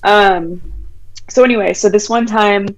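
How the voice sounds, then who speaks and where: On a poor-quality recording, a podcast guest in her thirties recounts something that happened to her, speaking at a measured pace in a medium-pitched voice. She is lively, acting out the people she quotes, and fills her speech with "like."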